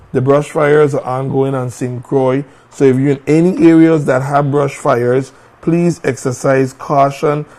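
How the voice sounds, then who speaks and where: A man's voice: medium pitch, a little mellow. A man hosting a morning show, greeting listeners in an upbeat way with frequent fillers and restarts.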